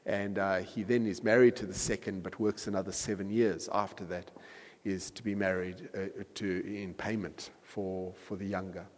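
A man preaching a sermon, retelling a scripture story in a conversational way and correcting himself with quick apologetic asides. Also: low voice, little pitch movement, big-room sound.

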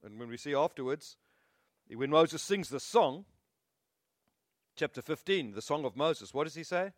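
Lively, chuckling male preacher. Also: on the high side, moderate pace, dry recording, studio quality. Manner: animated storytelling, chuckles often. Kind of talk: sermon.

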